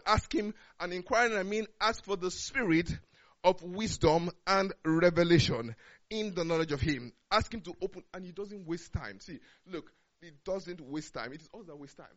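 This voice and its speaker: A man preaching a sermon, swinging between loud urgent declarations and low, quiet speech. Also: normal speed, dull audio.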